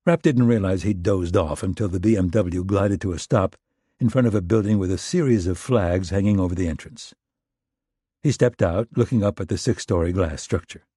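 A man narrating a thriller audiobook in a steady, measured, understated read. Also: low-pitched, husky, dry recording, clean studio sound.

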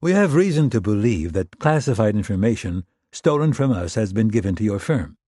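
A man doing a smooth ex-Marine diplomat. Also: fairly low pitch, big pitch swings, fairly quick, dark tone, no echo, clean studio sound. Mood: disarming. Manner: disarming, polite, a bit nervous. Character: smooth-talking former Marine turned manager, man.

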